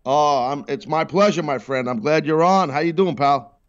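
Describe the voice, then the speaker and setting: A man's voice: a little high, moderate pace, highs cut off. A man hosting a sports talk call-in show, bantering with callers and ranting with mock indignation. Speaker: host.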